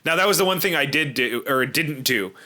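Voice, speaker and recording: A man's voice: medium pitch, lively intonation, fairly quick, sharp tone. A man hosting a sports podcast, talking through a game in a rambling casual way, often restarting his sentences. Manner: rambling, self-correcting with repeated starts. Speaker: podcast host.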